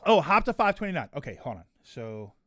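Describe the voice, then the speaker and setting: A man's voice: a little high, big pitch swings, a little fast, sharp tone, no echo, studio quality. A man streaming live, chatting casually and reacting to a trailer, rambling with frequent restarts. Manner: rambling, restarts, laughs often.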